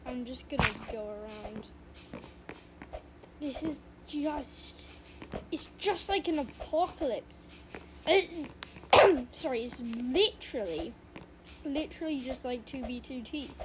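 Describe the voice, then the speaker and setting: A woman giving excitable gameplay commentary, often repeating panicked exclamations. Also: sits high, slow, pauses often. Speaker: gamer. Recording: loud background noise.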